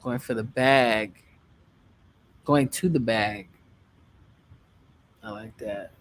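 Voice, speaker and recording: A man's voice: fairly low pitch, drawn-out words. A man chatting casually as a guest on a late-night livestream, rambling through loose sign-offs and talking to his viewers. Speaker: livestream guest and show host.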